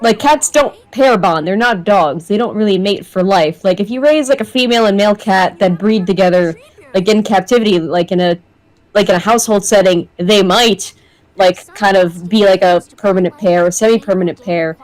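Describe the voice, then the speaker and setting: A woman's voice: medium pitch, moderate pace, a little mellow. A woman co-hosting a game stream, chatty and giggly, going off on long explanatory tangents. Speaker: stream co-host. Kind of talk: casual chat over a game stream.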